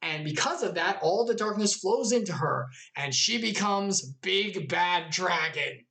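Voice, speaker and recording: A woman's voice: on the low side, expressive, a little slow, a bit bright. A woman hosting a game lore recap, enthusiastic and playful, often laughing at her own jokes. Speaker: video game lore channel host.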